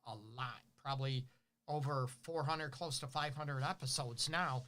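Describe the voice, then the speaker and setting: A middle-aged man giving relationship advice on his own show. His talk is casual and lively, full of rhetorical questions and little acted-out lines from couples. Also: medium pitch, unhurried. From Detroit. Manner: animated, asks rhetorical questions, acts out partners' lines. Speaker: relationship counselor hosting a show.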